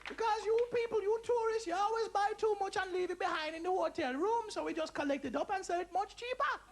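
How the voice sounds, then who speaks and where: A man voicing a shrewd, scolding old cleaning lady, in a high shrill voice. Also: fast.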